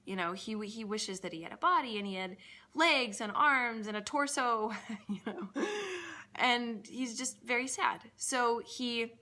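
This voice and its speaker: A woman mindset coach in a casual motivational vlog, animated and laughing at her own jokes. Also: fairly high pitch, measured pace.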